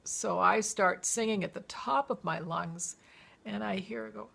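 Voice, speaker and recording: A woman's voice: medium pitch, a little slow, creaky. A woman telling a story from her own memoir, acting out the people in it and breaking into song now and then. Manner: lively storytelling, acts out quoted voices and breaks into song. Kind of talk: reading a personal memoir aloud.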